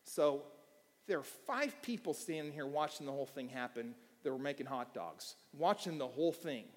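A man preaching a sermon as pastor, telling a story with quiet asides and bursts of shouting. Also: a little high, animated, moderate pace. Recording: long hall reverb.

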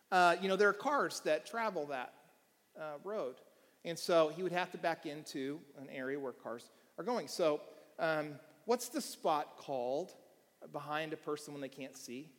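A man preaching a sermon as pastor, telling a story with quiet asides and bursts of shouting. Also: a little high, animated, normal speed. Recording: long hall reverb.

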